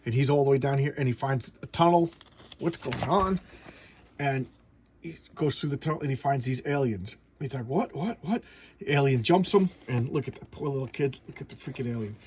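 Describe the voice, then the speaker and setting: A man's voice: mid-range voice, a little fast, darkish tone, a little hiss or hum. A man casually reviewing a comic book at home, talking in a chatty way with many stumbling restarts.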